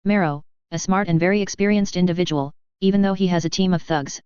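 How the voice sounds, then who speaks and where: Clear, low-voiced woman reading a story. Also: fast, a little mellow, no room sound, lo-fi sound. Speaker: narrator.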